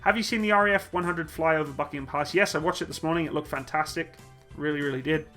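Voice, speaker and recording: A man's voice: a little high, quick pace, sharp tone. A man hosting a casual live Q&A stream, reading chat questions aloud in a jokey, laid-back way and laughing easily. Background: faint upbeat music.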